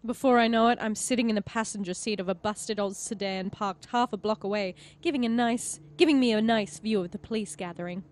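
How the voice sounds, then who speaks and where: A woman reading a story game aloud as its narrator, expressive and with giggly asides. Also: mid-range voice, brisk, hardly any pauses, a little hiss or hum. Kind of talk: narrating a visual novel playthrough.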